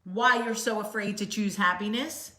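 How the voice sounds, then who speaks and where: A woman's voice: medium pitch, normal speed, sharp tone. A woman host giving a blunt, sassy motivational talk straight to the camera. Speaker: vlog host. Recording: roomy echo.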